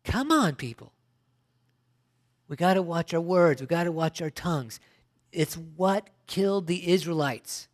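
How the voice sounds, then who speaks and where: A man's voice: a little high, lively intonation, unhurried, pauses often. A middle-aged man preaching a sermon, emphatic, firing rhetorical questions and often restarting his sentences. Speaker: pastor.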